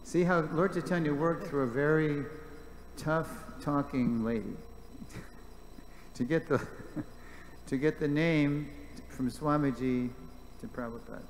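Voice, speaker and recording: Male class presenter, animated storyteller, recorded in a reverberant hall. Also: fairly high pitch, takes it slowly. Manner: animated storyteller, reads quotes aloud, jokes with the class. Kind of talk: reading aloud and commenting in a class. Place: temple hall. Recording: echoey hall with faint background noise.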